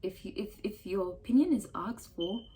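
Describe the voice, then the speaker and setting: A woman with a Ghanaian accent giving casual advice to camera in an emphatic, animated way, full of rhetorical questions. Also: mid-range voice, moderate pace. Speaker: lifestyle vlogger.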